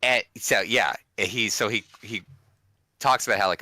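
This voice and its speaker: Recorded dry with clean studio sound, this DC-area man speaks a little slowly in a fairly low, sharp-toned voice. He co-hosts a casual wrestling podcast, rambling along and correcting himself by restarting sentences.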